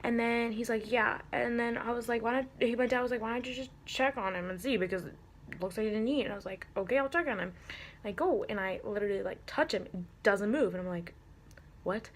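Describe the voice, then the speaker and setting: A woman's voice: fairly high pitch, a little fast, slight background noise. A teenage girl telling a storytime vlog in a chatty, giggly way, full of fillers. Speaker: vlogger.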